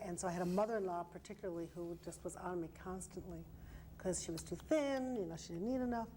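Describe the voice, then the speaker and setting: A middle-aged woman counselor on a televised panel who speaks candidly and reflectively, often pausing with "um". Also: lowish voice, mellow, a little hiss or hum. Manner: reflective and candid, many hesitant "um"s.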